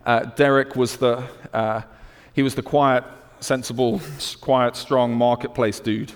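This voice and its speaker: A man with a British accent preaching a sermon, swinging from loud emphatic declarations to hushed storytelling. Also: medium pitch, steady tone, a little slow, smooth, long reverb tail.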